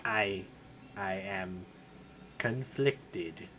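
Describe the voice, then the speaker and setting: A man voicing a calm, formal male computer with slow, stiff diction while playing a game. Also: low-pitched, a little hiss or hum, voice pushed down, exaggerated voice. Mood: solemn. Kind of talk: let's play voice acting.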